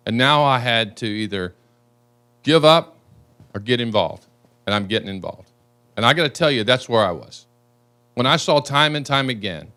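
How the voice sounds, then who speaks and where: A man's voice: mid-range voice, a bit bright. A man, a congressman, speaking off the cuff at a panel discussion, earnest and emotional, often restarting his sentences. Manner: earnest, halting with many restarts. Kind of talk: emotional unscripted remarks.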